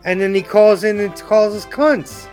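A man co-hosts a comedy podcast, bouncing jokes off his friends. His voice sits a bit high and sounds excited. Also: a little slow, faint music behind. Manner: excitable, jokey. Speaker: podcast co-host. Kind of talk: casual comedic banter.

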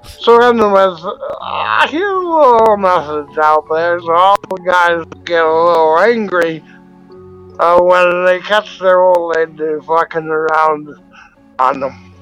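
Guy playing a sleazy clown, high whiny voice, rambly and cussing, slow. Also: fairly bright tone, smooth, highs cut off, soft background music. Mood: rambling. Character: crude sleazy male clown.

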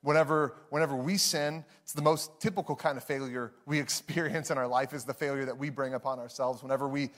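A pastor in his thirties preaches to a live audience in a church hall, his mid-range voice steady, fairly bright and fast with hardly any pauses. He tells a story with frequent restarts and acts out the voices in it.

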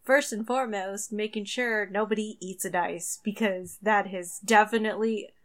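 A woman's voice: medium pitch, steady tone. A woman co-hosting a podcast in casual chat, laughing often as she talks. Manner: laughs often, slow and chatty. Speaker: podcast co-host.

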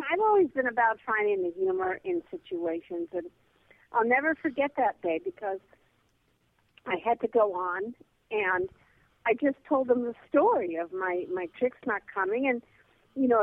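A woman guest telling a lively comedy anecdote over the phone, full of fillers. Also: sits high, normal speed, creaky, dry recording. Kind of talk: casual storytelling on a call-in show. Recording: tinny phone line, dry.

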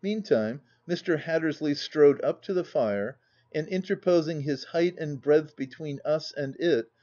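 Mellow-voiced male audiobook narrator. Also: fairly high pitch, unhurried, dull audio. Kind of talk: scripted narration.

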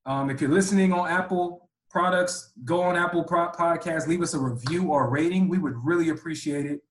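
A man co-hosting a podcast in casual chat, loud and teasing, talking over a video call. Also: a little high, a little fast, reverberant, low-quality recording. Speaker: podcast co-host.

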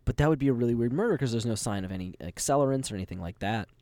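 A man's voice: medium pitch, lively intonation, racing, warm tone, no echo. A young man co-hosting a podcast, telling stories in a rambling, casual way with easy swearing and laughter. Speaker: podcast co-host. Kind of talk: casual chat, storytelling.

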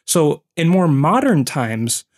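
A man's voice: fairly high pitch, big pitch swings, slow. A man co-hosting a podcast, casually telling folklore stories from his notes to his co-host. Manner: storytelling, explaining folklore from notes.

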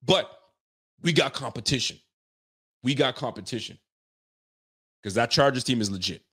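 A man runs a laid-back football live-stream, reading out viewer comments while swearing, laughing and getting hyped in quick, slangy speech. His voice sits at a medium pitch with a slight roughness.

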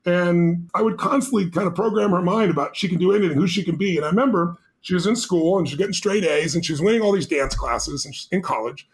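Man, middle-aged, high voice, energetic, emphatic, motivational guest. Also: quick pace, hardly any pauses. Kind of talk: motivational storytelling.

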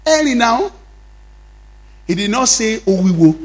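A man's voice: sits high, sing-song, slow. A man with a Nigerian accent preaching a sermon, retelling Bible dialogue with call-and-response to the congregation. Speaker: pastor.

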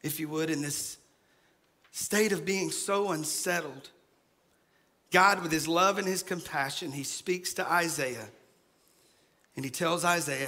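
A man preaching a sermon as pastor, dropping to a hushed voice when he acts out scripture. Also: fairly high pitch, normal speed.

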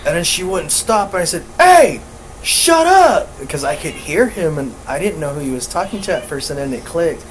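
A man's voice: on the high side, fast, hardly any pauses, a little hiss or hum, rough recording. A man co-hosting a podcast, chatting casually and telling stories, swearing often and laughing as he talks. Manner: laid-back, swears a lot, laughs through his stories. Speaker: podcast co-host. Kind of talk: casual chat.

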